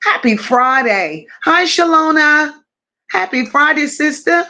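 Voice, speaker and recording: Slow, high-voiced New woman hosting. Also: lively intonation, pushed and bright. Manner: affectionate, greets viewers one by one and reads their comments aloud. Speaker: livestream host. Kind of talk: casual livestream chat.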